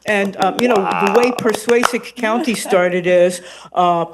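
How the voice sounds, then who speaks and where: Animated woman rambling with many fillers. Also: medium pitch, measured pace, background noise. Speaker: radio host and podcaster, guest. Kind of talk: casual interview chat.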